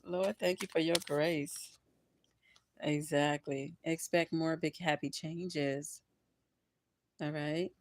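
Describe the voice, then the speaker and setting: An older woman reading tarot on a livestream, expressive and preachy, often laughing and calling her listeners honey and baby. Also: sits low, takes it slowly, pauses often. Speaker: tarot reader.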